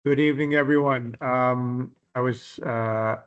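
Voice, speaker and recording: A man, a school superintendent, introducing himself in a measured, halting way on a video call. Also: mid-range voice, fairly even intonation, smooth, muffled recording. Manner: measured, hesitant. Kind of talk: virtual meeting introduction.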